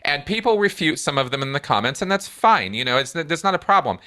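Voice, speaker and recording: A man hosting a podcast in a bright, forceful voice. He talks in a loose, rambling way, and his pitch shoots up when he gets worked up. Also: sing-song, a little fast. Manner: gets high-pitched and heated when ranting. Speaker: podcast host. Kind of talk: conversational podcast chat.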